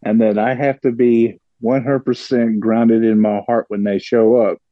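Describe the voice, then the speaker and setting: A man's voice: medium pitch, level tone, normal speed, no echo. A man who is a guest on a podcast, chatting casually and liking to stir the pot, often laughing at his own points. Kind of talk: casual conversation. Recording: dull, dry lo-fi sound.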